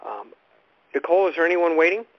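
A man's voice: fairly high pitch, expressive, quick pace. Male radio host, informal spiritual teacher, meandering delivery with frequent restarts; muffled lo-fi broadcast. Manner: rambling, repeats words when restarting thoughts. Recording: dull lo-fi radio recording.

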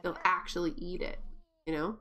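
A woman's voice: lowish voice, little pitch movement, normal speed, pushed and bright. A woman streaming a life-sim game, talking casually and exclaiming and laughing often at what happens on screen. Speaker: gaming streamer. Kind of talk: casual live-stream commentary.

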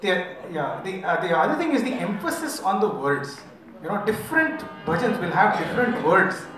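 A man with an Indian English accent leading a bhajan workshop, explaining with gentle humor and slipping into Hindi. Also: high-pitched, big pitch swings, moderate pace. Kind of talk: teaching talk with sung examples. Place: large echoey hall. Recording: echoey hall from far off, music behind.

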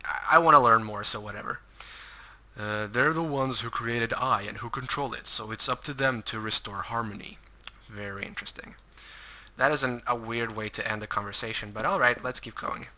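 A let's play commentator with a mid-range, pushed and bright voice speaks at a moderate pace over a game playthrough. He reads on-screen text aloud and adds wry asides.

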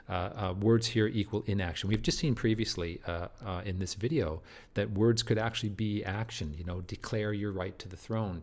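A middle-aged man teaching literature from slides, animated, with many restarts and asides. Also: lowish voice. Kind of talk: lecture walkthrough of slides.

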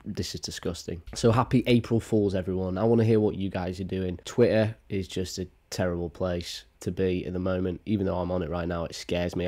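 A young man with a low voice rambles through casual reaction commentary. He is sarcastic and swears freely as he goes. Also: mellow. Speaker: vlogger.

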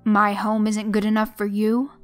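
A woman voicing a towering sadistic male monster who taunts slowly and mockingly. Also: medium pitch, completely flat delivery, clean tone, natural voice. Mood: taunting. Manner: slow, mocking and nonchalant.

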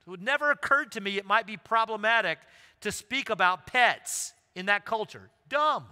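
Middle-aged male pastor, bright and somewhat high voice, animated storytelling sermon, long church reverb. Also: normal speed, clean tone. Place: large church sanctuary. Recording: livestream with long hall reverb.

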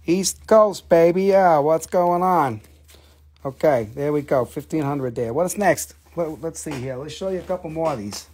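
Male live-sale host, excitable and joking, slightly higher voice. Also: moderate pace, slightly rough. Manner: excitable, swears, jokes, talks to viewers. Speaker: live-stream seller of minerals. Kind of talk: casual live-sale patter.

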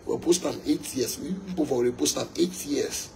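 A man's voice: mid-range voice, moderate pace, vocal fry, mellow, slight background noise, rough recording. A young Ghanaian man, a musician, delivering a fiery, emphatic monologue to his fans, repeating his points and slipping into pidgin.

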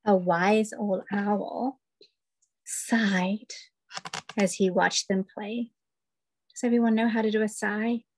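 A woman hosting a children's story time, reading picture books aloud in an animated, expressive way over a video call. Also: mid-range voice, unhurried. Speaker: storyteller host.

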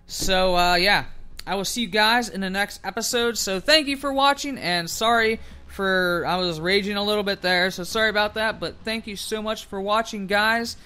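A gaming video host doing gameplay commentary, swearing constantly and raging at opponents between calmer rambling stretches. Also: medium pitch, normal speed, smooth.

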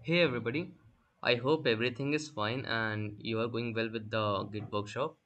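A man's voice: mid-range voice, fairly even intonation, normal speed, fairly bright tone, highs cut off, faint music behind. A young man explaining a coding topic step by step in a screen-recorded tutorial, with frequent fillers. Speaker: workshop instructor.

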